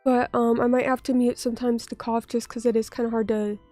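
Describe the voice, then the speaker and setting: High, mellow-voiced woman streamer, still sick. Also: flat delivery, brisk, dry recording, soft background music. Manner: chatty, self-deprecating, swears casually. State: still sick, recovering from illness. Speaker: vtuber streamer. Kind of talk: casual livestream chat, reading viewer comments aloud.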